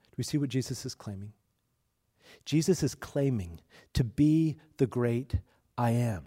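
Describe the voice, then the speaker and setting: A man's voice: fairly high pitch, expressive, unhurried, long pauses, a little mellow. A male pastor preaching a sermon, emphatic and asking the congregation rhetorical questions.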